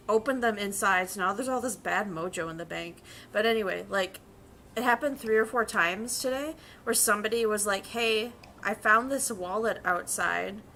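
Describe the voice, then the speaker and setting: A woman's voice: mid-range voice, bright, forceful tone, slight background noise. A young woman vtuber chatting casually while drawing, telling profane, rambling work stories and quoting people in put-on voices. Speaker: vtuber streamer and bank teller.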